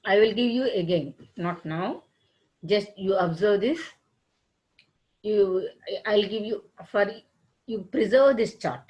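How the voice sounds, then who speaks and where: A woman's voice: mid-range voice, slow pace, pauses often, darkish tone, rough recording. A woman teaching phonetics in a classroom lecture, spelling out letters and words one at a time and restarting her sentences. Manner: repeats herself and restarts sentences.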